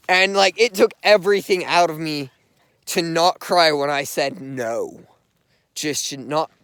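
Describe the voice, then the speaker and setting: A man's voice: on the high side, fairly bright tone, no echo. A young man telling a story in a casual, rambling way while walking a dog outdoors, with many "like"s. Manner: earnest, rambling, heavy use of "like". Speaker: vlogger. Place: outdoors, walking along streets.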